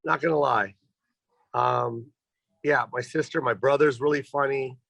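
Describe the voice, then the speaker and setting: A man's voice: mid-range voice, fairly even intonation, vocal fry, a bit bright, no echo. A man, a comedian guest on a live video interview, answering in a playful way. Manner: playful, quick one-word answers.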